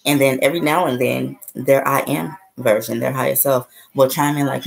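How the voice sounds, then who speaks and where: A spiritual vlogger tells a story in a loose, rambling way, swearing freely and tossing in frequent "okay?" and "right?" check-ins. Her voice is very deep, breathy and full of vocal fry, with fairly even intonation at a moderate pace. The recording quality is low.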